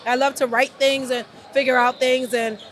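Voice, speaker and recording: A middle-aged woman talking in a casual interview, animated, often saying "right?" and "absolutely". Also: high voice, moderate pace, slight background noise. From United States. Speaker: guest.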